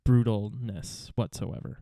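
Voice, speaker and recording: A man co-hosting a movie podcast in casual chat, joking and reading a long comic list deadpan. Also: lowish voice, unhurried, dry recording. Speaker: podcast co-host.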